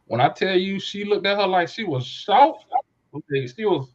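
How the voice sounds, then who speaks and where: A man's voice: high voice, moderate pace, lo-fi sound. A man hosting a podcast, telling a story in casual chat and acting out the voices of people in it. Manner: animated storyteller, acts out quoted voices. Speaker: podcast host.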